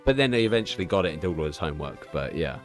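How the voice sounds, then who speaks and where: A man's voice: low-pitched, very animated, very fast, music in the background. A man in his thirties chatting casually on a live stream, telling a candid, profane, rambling story full of restarts.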